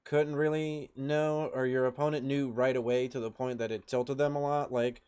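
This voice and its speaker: Smooth-voiced man chatting casually. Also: medium pitch, flat delivery, moderate pace, darkish tone. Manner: loose and rambling, full of fillers. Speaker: podcast co-host. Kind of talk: casual podcast chat.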